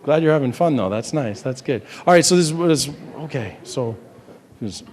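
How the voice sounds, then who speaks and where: With a medium-pitched, darkish voice, lively intonation and a moderate pace, this New Hampshire stage hypnotist chats with volunteers in rambling, restart-filled patter. The live recording in a large campus hall has long reverb and slight background noise.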